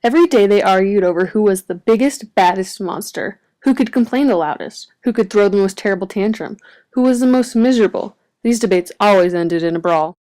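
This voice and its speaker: A woman reads a children's picture book aloud in a mid-range voice. Her storytelling is expressive and varied. She gives the story a gentle read-aloud lilt. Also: mid-range voice, a little fast. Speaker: storybook reader.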